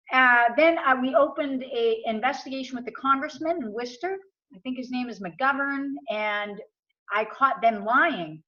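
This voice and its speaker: Casting: American woman, higher voice, animated storyteller, lo-fi audio. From USA. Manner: animated retelling with quoted dialogue. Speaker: interview guest. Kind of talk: casual storytelling. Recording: muffled lo-fi audio.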